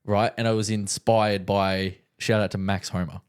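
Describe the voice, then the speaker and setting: A man's voice: on the low side, flat delivery, moderate pace, clean tone. A young man co-hosting a podcast, telling stories in a laid-back, rambling way with lots of fillers. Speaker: podcast co-host. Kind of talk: casual chat.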